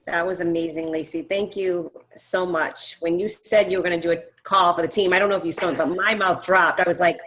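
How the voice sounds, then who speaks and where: A woman's voice: lowish voice, steady tone, brisk, few pauses, a bit bright, a little hiss or hum, low-quality recording. A woman team leader on a video call, thanking the coach and encouraging questions.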